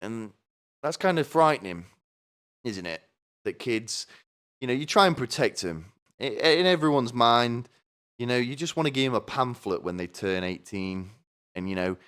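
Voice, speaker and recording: On his comedy podcast, a man with a clean, lowish voice goes on a crude, sardonic rant. He swears heavily and repeatedly checks in with "right?"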